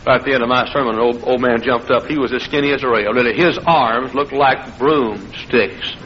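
A middle-aged man preaching an impassioned revival sermon that builds into shouting. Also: mid-range voice, fairly quick, slight background noise. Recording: muffled old sermon recording.

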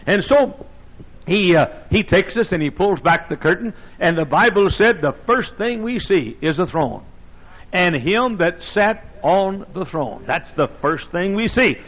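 A man's voice: high voice, lively intonation, normal speed, highs cut off. A man preaching a sermon in an emphatic, repetitive cadence.

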